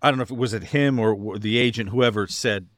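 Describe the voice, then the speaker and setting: A man with a fairly low voice chimes in on a podcast with halting follow-up questions. He stops and restarts as he works out what to ask. The recording is dry and close-miked. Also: a bit bright, no room sound. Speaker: podcast co-host. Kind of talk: casual chat, asking follow-up questions.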